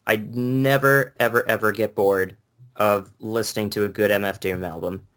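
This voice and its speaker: A man's voice: lowish voice, fairly even intonation, normal speed, fairly bright tone. A man co-hosting a podcast in casual chat, rambling enthusiastically and laughing often. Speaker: podcast co-host.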